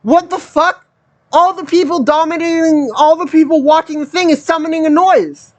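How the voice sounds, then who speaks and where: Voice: very high voice, highs cut off. An anime reaction host giving casual commentary, swearing constantly and rambling in incredulous outbursts. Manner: excited, rapid rambling. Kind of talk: casual reaction commentary, reading subtitles aloud.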